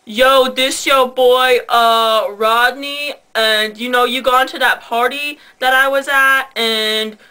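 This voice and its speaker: A girl voicing a young man who leaves a crude voicemail in a slow, drawn-out slangy drawl. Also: high voice, steady tone, bright, forceful tone, clean tone, exaggerated voice, rough recording. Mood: mocking.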